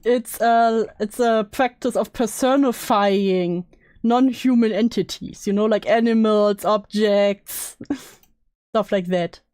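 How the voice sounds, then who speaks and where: A woman's voice: mid-range voice, takes it slowly, darkish tone, smooth, no room sound, studio quality. A woman streamer reacting to a video with casual, sarcastic asides.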